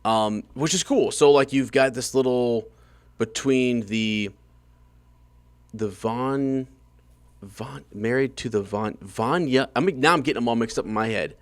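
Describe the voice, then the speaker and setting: A man's voice: medium pitch, measured pace, no echo. A man chats casually as a podcast co-host, his voice sitting in a middle range. He laughs easily and trips over tricky names. The sound is dry and close. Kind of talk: casual chat about a book.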